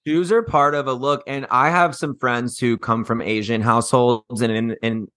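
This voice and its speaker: A man's voice: medium pitch, fairly even intonation, normal speed, fairly bright tone, no room sound, clean studio sound. A man co-hosting a podcast, chatting in a reasoned, questioning way. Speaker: podcast co-host. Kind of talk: casual chat.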